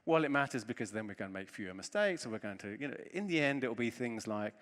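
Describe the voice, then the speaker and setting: Male conference speaker, mid-pitched, animated and self-mocking, recorded in a reverberant hall. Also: fast. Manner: animated, self-deprecating storytelling. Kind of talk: conference keynote talk. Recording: long reverb of a large hall.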